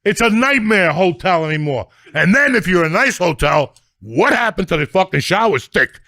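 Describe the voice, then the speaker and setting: Middle-aged guy ranting and cursing through funny stories, raspy gravelly voice. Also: sits high, big pitch swings, normal speed, no room sound, clean studio sound. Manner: loud, ranting, foul-mouthed. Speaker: podcast guest. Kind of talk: profane comic storytelling.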